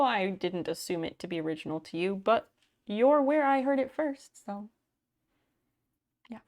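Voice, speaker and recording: Chatty gravelly-voiced woman streamer. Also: on the high side. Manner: chatty storyteller, thanks viewers by name, swears casually. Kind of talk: casual livestream chat with viewers.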